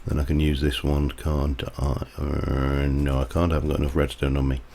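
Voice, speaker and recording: A man's voice: very deep voice, level tone, normal speed, gravelly, warm tone. A man chatting casually while he plays, rambling off into side stories as he works. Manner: rambling, chatty, digresses mid-task. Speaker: livestreamer. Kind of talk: casual gameplay commentary.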